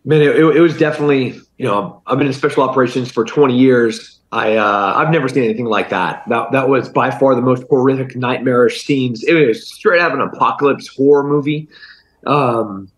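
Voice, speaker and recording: Male interview guest, veteran special operator, mid-pitched, earnest and halting. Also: poor audio. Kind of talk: interview answer.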